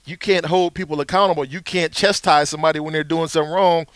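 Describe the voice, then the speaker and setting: A man in his thirties co-hosting a casual sports podcast, telling stories with lively quoted voices. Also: on the high side, fast talker, smooth, dry recording, clean studio sound. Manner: animated storyteller, acts out quotes. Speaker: podcast co-host.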